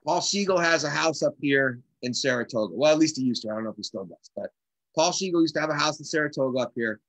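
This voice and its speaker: A middle-aged man, a drummer, telling a story in casual conversation and acting out the quotes with animated energy. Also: on the high side, quick pace, no echo, low-quality recording. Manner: animated, acts out quotes in lively voices. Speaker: guest drummer.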